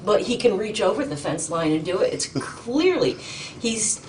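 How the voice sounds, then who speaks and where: A woman's voice: medium pitch, very animated, darkish tone. Indignant woman testifying in court. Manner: urgent, indignant, halting with ums and restarts. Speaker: petitioner in court. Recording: distant mic with faint noise.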